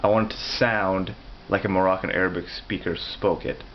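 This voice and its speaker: A man with a lowish voice explains things in a casual, rambling way, breaking off and restarting his sentences. The recording is dull and lo-fi, with a faint hiss underneath. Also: fairly even intonation, moderate pace. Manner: rambling, self-correcting, explanatory. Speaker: language vlogger. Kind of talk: casual talk to camera.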